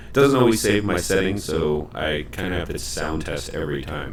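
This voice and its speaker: Deep-voiced young male game streamer. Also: animated, moderate pace, fairly bright tone, slight background noise. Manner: chatty, self-interrupting while fixing his audio. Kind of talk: casual live game stream chat.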